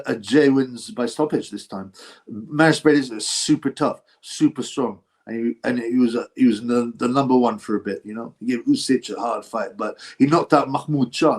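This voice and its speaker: A man hosting a casual livestream about boxing, rambling between topics with many fillers and chuckles. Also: mid-range voice. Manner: rambling, chatty, with frequent fillers and laughs. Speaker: boxing channel host.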